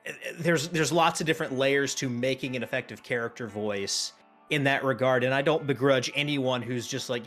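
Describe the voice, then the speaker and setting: A man's voice: medium pitch, normal speed, a bit bright, soft background music. A man hosting a podcast in casual chat, talking with frequent restarts and fillers. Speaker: podcast host.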